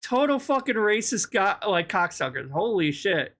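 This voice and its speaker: A woman giving an indignant, profane reaction commentary, her throat sore from yelling. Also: mid-range voice, big pitch swings, moderate pace. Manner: profane, indignant, laughing ranting.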